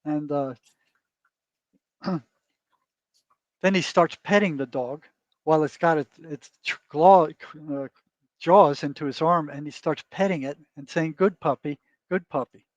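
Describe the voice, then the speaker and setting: A man's voice: on the high side, measured pace, pauses often, no room sound. A man guest, a therapist, telling a story in casual interview talk and often adding "you know" and "right?". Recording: dull lo-fi dry sound.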